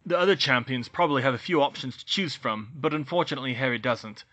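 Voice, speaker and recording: A man's voice: medium pitch, sharp tone. A man reading a lecturing grown wizard. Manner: lecturing, measured. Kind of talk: audiobook reading of fan fiction.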